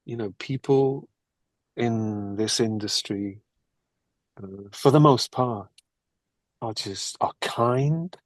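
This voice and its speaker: An older man, an actor, telling lively anecdotes in an interview and acting out the people he quotes. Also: mid-range voice, takes it slowly, long pauses, no echo. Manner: animated, acts out quoted people. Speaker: actor guest.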